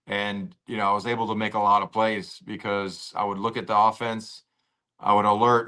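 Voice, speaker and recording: Guest, male: bright forceful tone, animated storyteller, relaxed slangy delivery from home. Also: lowish voice, moderate pace. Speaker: podcast guest, former pro football player. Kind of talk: casual interview storytelling. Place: at home with a dog nearby.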